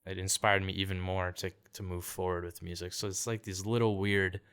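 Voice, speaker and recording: A young Canadian singer-songwriter, appearing as a podcast guest, tells a story in laid-back, casual chat, sprinkling in "like" and "dude" and acting out quotes. His deep voice, with little pitch movement and a fairly bright, clean tone, moves a little fast.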